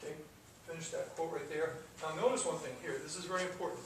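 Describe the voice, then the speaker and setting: A man's voice: fairly high pitch, steady tone, fast, gravelly. A man teaching a classroom coding lesson, talking through the code step by step with casual asides. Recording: echoey classroom from far off with noise.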